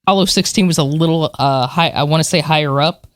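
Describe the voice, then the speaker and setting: A podcast co-host telling stories in an animated way, with plenty of fillers and laughs. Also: mid-range voice, fast talker, no echo, clean studio sound. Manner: animated storyteller, many fillers, laughs while talking. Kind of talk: casual chat.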